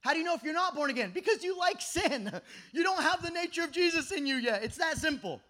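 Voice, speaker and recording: High bright preacher guy at a youth camp, goes from yelling to almost whispering, lots of storytelling. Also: fairly quick. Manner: animated storytelling, shifts from shouting to hushed. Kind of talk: energetic youth sermon. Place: outdoor camp meeting.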